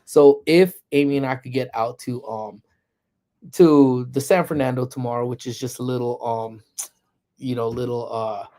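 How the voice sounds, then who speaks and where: A middle-aged man hosting a casual lunchtime livestream, chatting loosely and slipping into playful, animated slang riffs. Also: mid-range voice, moderate pace. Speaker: livestream host. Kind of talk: casual live chat.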